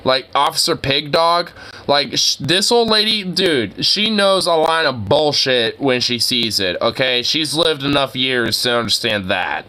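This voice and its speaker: Bright, exasperated rambling man. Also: medium pitch, animated, a little slow. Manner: rambling, exasperated, lots of filler words. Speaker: co-host reacting to a video. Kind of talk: casual profane reaction commentary.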